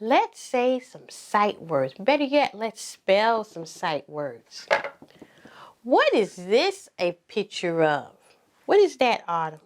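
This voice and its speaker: Slow, lively preschool teacher woman. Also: mid-range voice. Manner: slow, sing-song, encouraging, repeats words for children. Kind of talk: circle-time teaching to toddlers.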